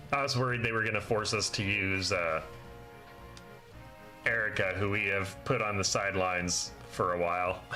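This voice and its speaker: A man's voice: fairly low pitch, steady tone, normal speed, sharp tone, faint music behind. A man giving joking, chatty commentary over a video game playthrough. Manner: joking and chatty, with small laughs. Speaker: gaming video host. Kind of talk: casual let's-play commentary.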